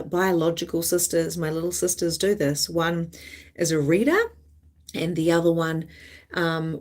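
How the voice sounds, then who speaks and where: A woman's voice: fairly low pitch, a little mellow. A woman psychic medium hosting a live stream, chatting casually in a rambling, candid way and swearing freely.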